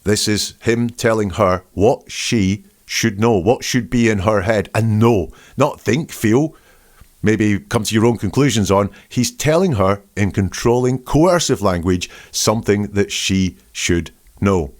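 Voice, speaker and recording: Brief: male analyst, lowish voice, emphatic, dissects wording line by line. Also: unhurried. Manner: emphatic, picks apart quoted phrases. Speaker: body language and speech analyst. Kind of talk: analytical commentary.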